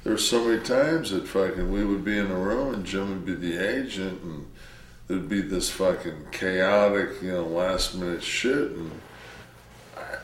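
A man's voice: low-pitched, normal speed. A man from Detroit telling rambling stories in casual, profane chat, swearing constantly. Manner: rambling, heavy swearing, storytelling. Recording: roomy sound from a distance with faint noise.

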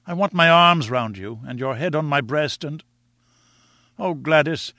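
A man's voice: fairly high pitch, measured pace, pushed and bright, no echo, clean studio sound, voice pushed up. A man reading aloud voices an earnest, lovestruck young man who pleads eagerly with the woman he loves.

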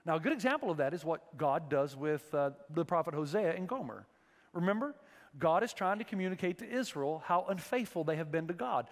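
A male pastor preaching a sermon in a church, animated and acting out the voices of biblical figures. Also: on the high side, brisk, big-room sound. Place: church sanctuary.

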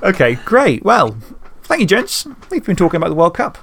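A man's voice: high voice, huge pitch swings, moderate pace, gravelly, a bit bright, slightly rough. A man hosting a casual podcast chat, joking with his co-hosts as he wraps up the show. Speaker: podcast host.

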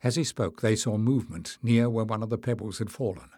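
A man narrating an audiobook in a measured storytelling manner. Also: lowish voice, darkish tone, slightly rough, no room sound, clean studio sound. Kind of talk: scripted narration.

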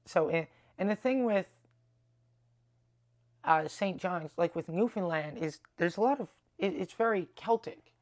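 A man's voice: high-pitched, a little slow. Profane rambling male comedian. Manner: profane, rambling, many restarts. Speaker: stand-up comedian. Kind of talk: casual rambling monologue.

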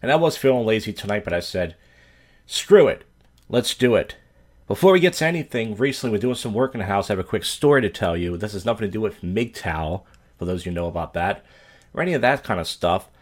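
A man's voice: on the low side, lively intonation, quick pace. A man from Philadelphia hosting a podcast, telling stories and giving blunt, profane commentary. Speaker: podcast host. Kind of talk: crude ranting commentary.

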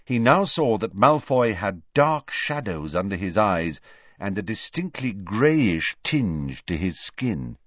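Male audiobook narrator, very lively pitch, dry dull studio sound. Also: slow, no echo. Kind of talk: scripted narration.

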